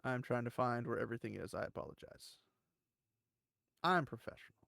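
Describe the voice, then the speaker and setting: A man hosting casual online commentary, rambling and animated, with big jumps in pitch to stress his points. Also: fairly quick, creaky, no room sound. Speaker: channel host.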